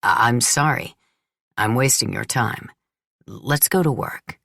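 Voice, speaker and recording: A woman's voice: very deep voice, lively intonation, slow pace, vocal fry, fairly bright tone, no echo, clean studio sound, voice pushed down, exaggerated voice. A woman reading an audiobook, voicing an earnest, scholarly husband who stammers apologetically. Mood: flustered. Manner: hesitant, apologetic. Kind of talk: audiobook character voice.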